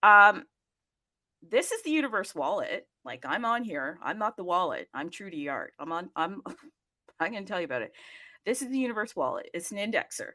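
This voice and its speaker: Bubbly, excitable woman host. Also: mid-range voice, normal speed, dry recording, clean studio sound. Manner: bubbly, excitable and playful, jumping between loud bursts and asides; frequent laughs and self-talk. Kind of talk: casual live audio show hosting.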